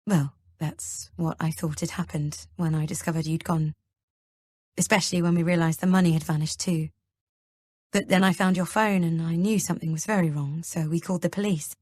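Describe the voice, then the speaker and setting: Worried young husband, hesitant and gentle, read by a woman narrator; low, dry recording. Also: steady tone, normal speed, no echo, natural voice. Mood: earnest. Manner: soft, hesitant pleading. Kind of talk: audiobook character reading.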